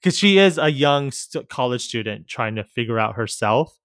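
A man's voice: mid-range voice, expressive, moderate pace, fairly bright tone, no echo, studio quality. A man co-hosting a podcast in casual chat, meandering through his points and laughing easily as he explains. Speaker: podcast co-host.

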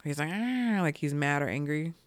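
A man's voice: a little high, fairly quick, fairly bright tone, smooth, no echo, clean studio sound. A man co-hosting a podcast. He chats casually about a film, hesitant and full of fillers and restarts. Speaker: podcast co-host.

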